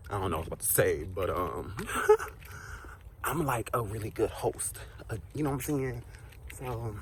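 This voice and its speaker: A man's voice: mid-range voice, slight background noise. A young man vlogger telling a casual storytime while walking outdoors, sassy and chatty with asides to his viewers.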